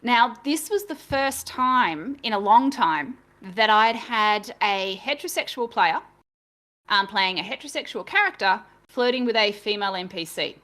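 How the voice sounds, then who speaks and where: Woman, game master, fairly high voice, casual self-deprecating chat. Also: expressive, moderate pace, fairly bright tone. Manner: chatty, self-deprecating, laughs easily. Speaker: game master and podcast co-host.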